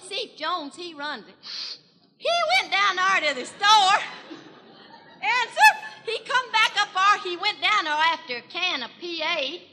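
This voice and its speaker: A woman's voice: very high-pitched, sharp tone, exaggerated voice. A woman playing a chatty small-town country gossip gal in a 1940s radio comedy monologue, with a rural Southern accent and a folksy, gushing manner. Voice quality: folksy, gushing, breathless storytelling. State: has a cold. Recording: reverberant 1940s radio broadcast from a hall.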